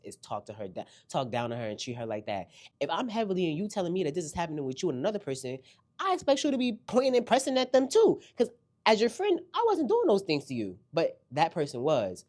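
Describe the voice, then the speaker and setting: A man hosting a casual reality TV recap, animated and slangy, talking straight to his viewers. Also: medium pitch.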